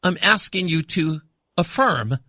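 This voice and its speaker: A man's voice: sits high, animated, a little slow, bright, forceful tone, dry recording. A man hosting a call-in radio talk show, arguing insistently with a caller and repeating his points. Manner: insistent, argumentative, repeats himself. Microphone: studio mic.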